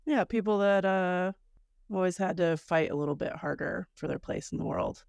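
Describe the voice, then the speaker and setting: A woman co-hosting a podcast talks in a low voice with a gravelly edge. She chats casually and reflectively and laughs often. The sound is dry and close. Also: moderate pace, a little mellow, no room sound. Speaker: podcast co-host.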